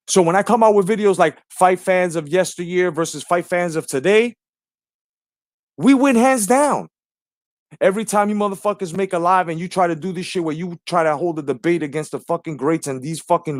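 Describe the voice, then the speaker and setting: A man's voice: on the high side, no room sound, studio quality. A man hosting a live stream, ranting brashly and profanely while greeting viewers in the chat.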